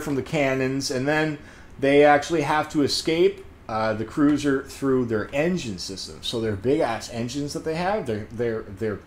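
A man giving a casual, rambling spoken review, excitable and laughing often, with many fillers. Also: mid-range voice, roomy sound, slight background noise. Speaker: comedian reviewing a TV episode.

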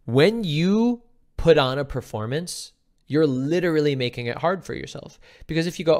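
A man's voice: a little high, expressive, moderate pace, a little mellow. A man hosting a podcast who explains social skills with energy, often acting out quoted voices. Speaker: podcast host.

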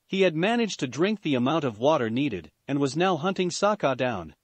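A man reads fan fiction aloud in steady storytelling. His voice sits slightly high with lively pitch movement, recorded close and dry with no room sound. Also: moderate pace, few pauses, dry recording. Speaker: narrator.

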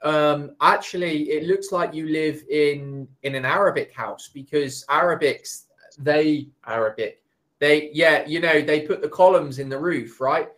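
Easygoing man, slightly high voice. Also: a little slow, fairly bright tone. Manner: easygoing, reassuring. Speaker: conversation tutor. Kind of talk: casual chat.

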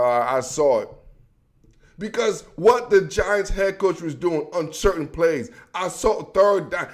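Fired-up man ranting about football. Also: a little high. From Washington DC area. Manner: heated, slangy, talks straight to viewers. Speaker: sports commentary host. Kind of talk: emotional sports rant.

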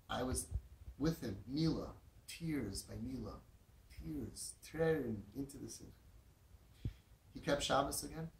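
Man, storytelling talk, emphatic, repeats words, faint background noise, echoey room. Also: medium pitch. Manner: emphatic, repeats words, Yiddish and Hebrew terms. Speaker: parenting speaker. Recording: roomy echo, distant mic, faint noise.

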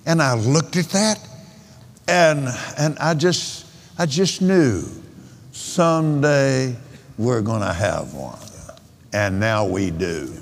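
Slow, rambling older preacher in a hall. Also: male voice, mid-range voice, expressive, a little hiss or hum. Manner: slow, rambling storytelling, counting out figures. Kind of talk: sermon. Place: large convention hall. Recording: long reverb of a large hall.

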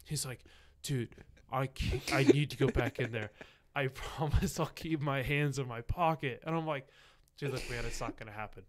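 A young man hosting a podcast, telling a story in a casual, animated way, often laughing and saying "like". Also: medium pitch, moderate pace, slight background noise. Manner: animated, laughing, heavy use of "like". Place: podcast studio.

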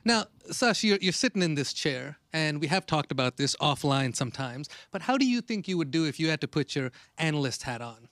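Fast, upbeat male sports interviewer. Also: a little high, sing-song, fairly bright tone, no room sound, clean studio sound. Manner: upbeat and complimentary.

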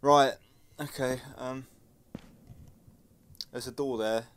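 A young man playing a horror game, muttering and swearing in panic and yelling when frightened. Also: mid-range voice, fairly even intonation, slow, clear, resonant tone. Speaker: gaming YouTuber.

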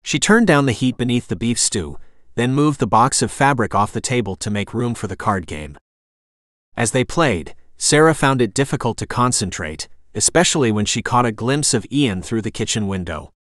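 A male audiobook narrator reads a romantic suspense novel in a steady, even storytelling manner. The scripted narration comes in a mid-range voice at normal speed, with a dry recording and clean studio sound.

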